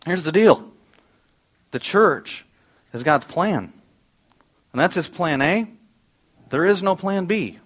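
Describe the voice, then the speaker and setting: A middle-aged pastor preaching a conversational sermon in a church auditorium, asking the congregation questions. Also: male voice, on the high side, fairly bright tone.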